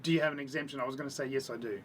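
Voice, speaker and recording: A man's voice: mid-range voice, steady tone, recorded from a distance, a little hiss or hum. An older man with an Australian accent, chatting casually as co-host with wry, joking remarks. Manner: wry, joking, quick to laugh. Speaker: podcast co-host. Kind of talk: casual chat.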